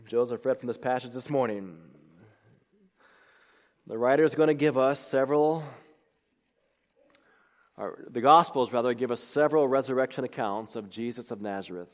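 A man's voice: medium pitch, moderate pace, long pauses. A man preaching a sermon, reading scripture and building to emphatic, rising exclamations. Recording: long hall reverb.

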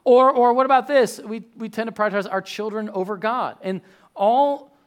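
Preaching at a normal speed in a high-sitting voice, a man in his thirties acts as pastor for this sermon. He is animated and talkative, weaving stories with sudden loud outbursts.

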